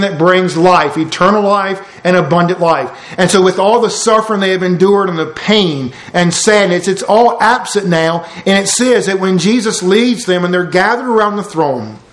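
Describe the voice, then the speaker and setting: Male preacher, earnest sermon delivery with soft low passages, slightly high voice, echoey room. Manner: earnest, rises for emphasis then drops low and soft. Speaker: pastor.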